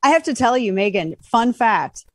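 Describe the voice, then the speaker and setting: A woman's voice: on the high side, moderate pace, no echo. A middle-aged woman appearing as a talk show guest, telling stories and giving emphatic opinions. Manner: animated storyteller, emphatic. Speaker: guest commentator.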